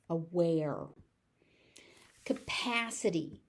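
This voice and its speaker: A middle-aged woman with a General American accent, teaching pronunciation in a slow drill. She says each word, overpronounces its syllables, then says it again. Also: medium pitch, animated, darkish tone. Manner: repeats words carefully, overpronouncing syllables.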